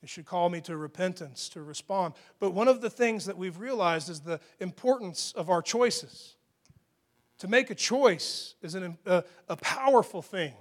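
High-voiced man preaching a lively sermon. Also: moderate pace. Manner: conversational preaching with rising emphatic peaks and hushed asides. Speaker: pastor. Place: church hall.

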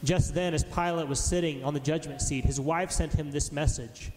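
A man giving a formal, measured reading of scripture aloud. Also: fairly high pitch, fairly even intonation. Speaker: scripture reader. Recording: echoey hall with faint noise.

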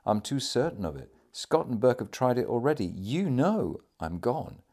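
A man voicing a dying naval commander, speaking weakly and low, with bursts of forceful insistence. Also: sing-song, normal speed. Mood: weary, resigned. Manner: weak, low, fading delivery with sudden forceful outbursts.

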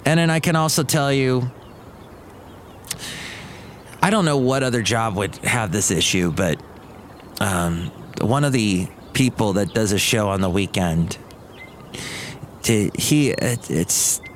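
A man's voice: lowish voice, unhurried, slight background noise. Rambling man hosting a podcast. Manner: digressive, trailing off and self-correcting. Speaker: podcast host. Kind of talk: casual rambling monologue.

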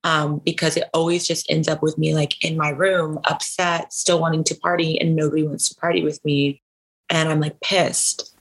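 A Northern Californian woman guesting on a podcast shares a personal tale, easygoing and full of "like," quick to laugh. Her deep, slightly rough voice barely moves in pitch at a normal speed, and the recording quality is poor.

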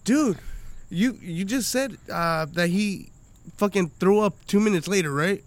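A man's voice: sits high, measured pace, no room sound. A young man, a podcast guest, telling profane rambling stories in casual chat and laughing often.

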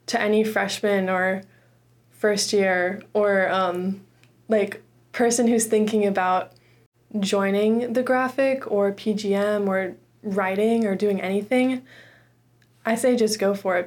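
A young woman in her twenties speaks in a casual interview. She is an earnest student podcaster, relaxed and sincere, with a middle-pitched voice and frequent likes and ums. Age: 20s.

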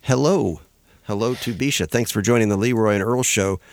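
A man's voice: fairly low pitch, moderate pace, dry recording. A man hosting a comedic talk radio show, bantering and laughing often. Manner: giggly, lively, bantering.

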